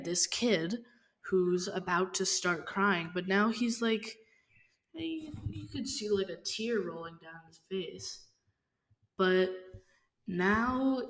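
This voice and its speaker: A woman casually telling a story, halting and rambling with lots of fillers and restarts. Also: medium pitch. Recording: faint background noise.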